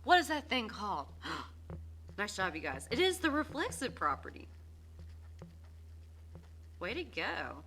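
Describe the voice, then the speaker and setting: Bubbly high-voiced woman teaching geometry. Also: sharp tone. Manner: bubbly, self-deprecating, cheers on students. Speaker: math teacher. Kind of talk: recorded geometry lesson.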